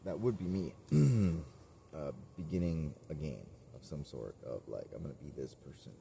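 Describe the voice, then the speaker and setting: A man talking casually to camera in a candid, self-reflective monologue, rambling and halting with many restarts. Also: rumbling low, gravelly, warm tone, slight background noise. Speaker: vlogger.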